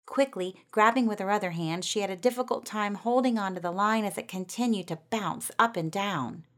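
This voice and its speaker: A woman reads a children's storybook aloud, gentle and expressive, in a mid-range voice at a brisk pace.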